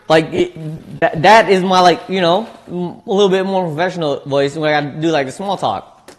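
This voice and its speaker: Laid-back slangy man, slightly high voice. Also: fairly quick. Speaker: streamer. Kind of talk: casual chat while eating.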